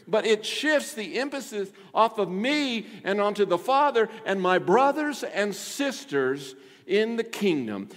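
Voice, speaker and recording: A man preaching a sermon as pastor, swinging between loud emphasis and hushed asides. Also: sits high, long reverb tail.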